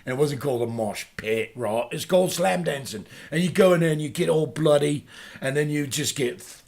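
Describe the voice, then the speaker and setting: Man doing an aging Liverpool punk rocker, rambling radio host, hesitant with lots of fillers, now and then breaking into loud rants. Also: on the high side, brisk, vocal fry. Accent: Liverpool English. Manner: bursts into loud ranting. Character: boastful aging male British punk singer. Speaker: guest radio host playing records. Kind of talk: comic radio character chat.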